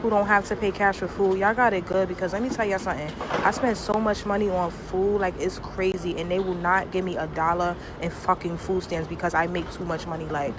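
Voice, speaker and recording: A woman's voice: lowish voice, fairly even intonation, brisk, few pauses. A mother in a casual vlog rant, irritated and swearing, recorded outdoors near traffic.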